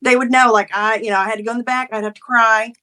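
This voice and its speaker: A woman's voice: a little high, quick pace, clear, resonant tone. A woman in her forties, a guest author and mother, telling her story with feeling and acting out quoted arguments. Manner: heartfelt, animated storytelling, acts out quoted arguments. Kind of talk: emotional conversational interview.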